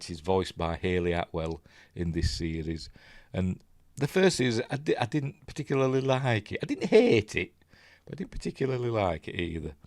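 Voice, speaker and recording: A man's voice: low voice, darkish tone, no room sound, clean studio sound. A man with a Yorkshire accent giving casual news commentary, chatty and rambling, with lots of tag questions. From Yorkshire, England. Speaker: news vlogger.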